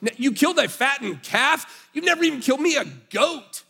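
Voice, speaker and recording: A man's voice: very high-pitched, expressive, fairly quick, vocal fry, pushed and bright, long reverb tail, pitched above the performer's own voice, exaggerated voice. A man putting on the whiny voice of a sulking, indignant teenage older brother. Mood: indignant whining. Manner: whiny, exasperated complaining.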